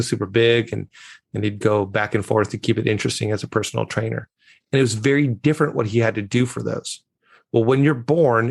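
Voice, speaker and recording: Gravelly-voiced coaching man, low pitch. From United States. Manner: confident, instructive, emphatic. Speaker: communication coach, guest. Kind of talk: podcast interview.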